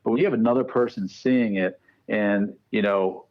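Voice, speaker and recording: A man's voice: on the low side, moderate pace, dull audio. A man telling a ghost story in casual podcast chat, acting out what people said. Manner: animated storyteller acting out quotes. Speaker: guest paranormal researcher.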